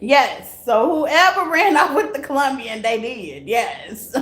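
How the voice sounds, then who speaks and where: Woman, tarot reader live-streaming to chat; high voice, unhurried delivery, laughs a lot, echoey room. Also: expressive. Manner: laughs often, bursts into loud high exclamations. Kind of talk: casual live tarot reading to chat viewers.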